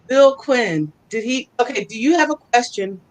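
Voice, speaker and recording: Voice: medium pitch, lively intonation, moderate pace, low-quality recording. Chatty, laughing psychic reader. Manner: chatty, laughs often, relays spirit voices. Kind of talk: casual live psychic reading.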